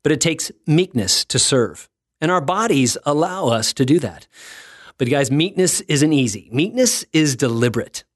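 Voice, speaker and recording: A man hosting a devotional podcast, talking in an earnest, reflective way with gentle self-mocking humor. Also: on the high side, animated, moderate pace, no room sound, studio quality. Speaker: podcast host and ministry founder. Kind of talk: scripted devotional podcast talk.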